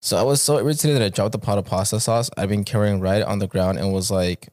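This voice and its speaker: A man's voice: fairly low pitch, fairly even intonation, fast, few pauses, a little mellow, dry recording. A man hosting a podcast, reading stories aloud in a laid-back, casual way and swearing freely.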